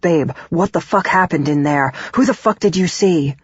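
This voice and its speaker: A woman's voice: normal speed, slightly rough, no echo. A woman doing a stern, angry young man. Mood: stern anger. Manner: yelling, stern and low. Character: tough young man, boyfriend, angry and protective. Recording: dull, dry audiobook recording.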